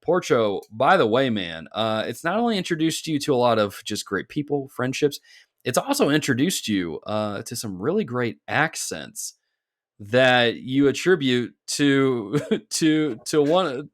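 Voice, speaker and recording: A man's voice: medium pitch, animated, measured pace, no echo. Chill guy hosting a podcast, rambly, reading listener mail, mid voice, dry close mic. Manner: laid-back, rambling, reads listener mail aloud. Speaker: podcast co-host. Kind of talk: casual chat.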